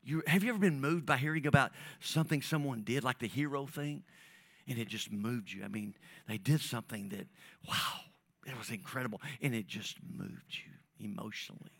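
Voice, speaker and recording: A pastor preaches a sermon, talking to his congregation conversationally in a medium-pitched, creaky voice that runs a little fast. He drops to near whispers, rises to loud emphatic peaks, and often repeats and restarts his words, all in a dry recording.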